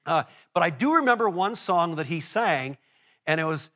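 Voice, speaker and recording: High-voiced pastor telling a story. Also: male voice, normal speed. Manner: storytelling, animated, self-deprecating asides. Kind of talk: sermon. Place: church before a congregation.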